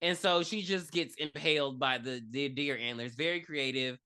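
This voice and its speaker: A woman's voice: a bass voice, moderate pace, smooth. A woman co-hosting a podcast, casually and profanely recapping a horror movie and acting out its characters. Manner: profane, animated, acts out characters in her retelling. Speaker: podcast co-host.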